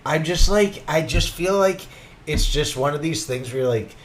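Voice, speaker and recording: A man's voice: fairly high pitch, animated, moderate pace, heavy background noise. A young man co-hosting a casual podcast, rambling and acting out imagined quotes with laughter. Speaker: podcast co-host.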